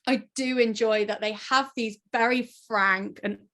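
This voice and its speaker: Southwest English woman, podcast host, casual chat, slightly high voice. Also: measured pace. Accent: Southwest English (Plymouth). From England. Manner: chatty, animated, laughing asides.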